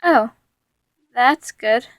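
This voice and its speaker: A woman voicing a cheerful, fatherly young man in a storybook reading, speaking in a raised, bright voice. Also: on the high side, drawn-out words, no echo, studio quality. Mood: sleepy.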